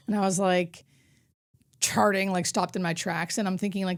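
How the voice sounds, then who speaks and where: A woman hospice nurse, a guest on an interview show, telling stories in a casual, animated way and acting out what people said. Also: fairly low pitch, moderate pace. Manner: animated storyteller, acts out quotes.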